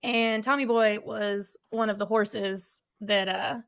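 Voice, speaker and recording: A woman co-hosts a podcast and walks through a movie's plot in casual chat. She slips into quick impressions of the characters' lines. Her voice sits at a middle pitch. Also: fairly even intonation, gravelly, fairly bright tone, clean tone, rough recording. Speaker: podcast co-host.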